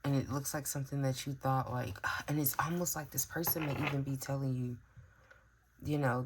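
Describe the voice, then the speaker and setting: A woman's voice: a bass voice, fairly even intonation, moderate pace, slight background noise. A woman giving a casual tarot reading, musing aloud with frequent fillers and sighs. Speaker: tarot reader.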